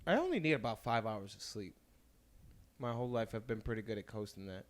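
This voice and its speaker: A man's voice: on the low side, animated. Rambling man in casual podcast chat. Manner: rambling, halting, trails off often; says his speech sometimes slurs slightly. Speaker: podcast host.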